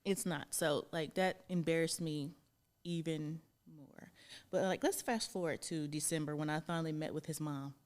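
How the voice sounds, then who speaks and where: A woman in her thirties tells her story in a frank, exasperated way, cursing without hesitation. Her voice sits a little low for a woman, and her talk stays loose and conversational. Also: normal speed. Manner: frank and exasperated, swears freely. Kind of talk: casual chat.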